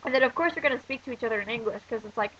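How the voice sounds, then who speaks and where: A woman's voice: a little high, racing, a little hiss or hum. Sick teen girl with a stuffy nose. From United States. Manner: rambling, ranting, many fillers. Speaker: exchange student. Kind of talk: casual vlog. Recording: dull lo-fi recording.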